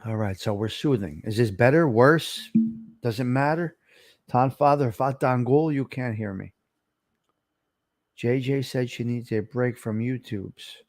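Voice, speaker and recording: A man's voice: mid-range voice, measured pace, dry recording, studio quality. A man hosting a casual livestream chat, chatty and asking viewers how his microphone sounds. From Italian-American, from New Jersey. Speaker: livestream host. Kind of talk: casual chat reading live comments. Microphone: close desk microphone.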